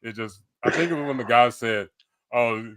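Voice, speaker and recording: A man's voice: mid-range voice, moderate pace, a bit bright, clean tone, dry recording. A man guesting on a podcast, chatting casually, hesitant and trailing off. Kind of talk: casual chat.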